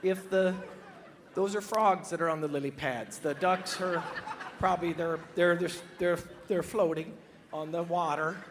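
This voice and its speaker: A scatterbrained middle-aged mom fumbling through a joke, forever losing her place and drifting into tangents, as a man puts her on. The voice sits high for a man. A faint hum of room ambience lies under it. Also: steady tone, unhurried, a faint crowd. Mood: flustered. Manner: scatterbrained, digressive, loses the thread. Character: rambling middle-aged mother telling a joke. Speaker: comedian.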